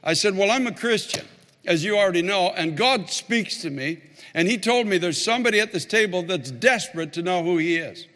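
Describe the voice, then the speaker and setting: A man's voice: high voice, expressive, a little fast, sharp tone, big-room sound. A man, a pastor, telling a story in a sermon and building to fervent, emphatic preaching.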